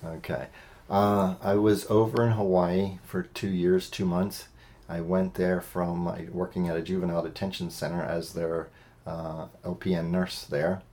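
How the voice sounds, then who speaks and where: A man being interviewed, telling his life story in an earnest, halting way with lots of fillers. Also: sits low, flat delivery, a little mellow. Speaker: interview guest. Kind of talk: personal storytelling in conversation.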